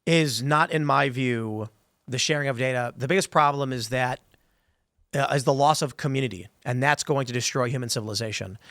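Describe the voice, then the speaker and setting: A man hosting a podcast panel in a studio, telling stories in an animated way and acting out dialogue. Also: medium pitch, fairly quick, no room sound. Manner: animated storytelling, acts out dialogue. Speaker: podcast host. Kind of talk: casual panel discussion.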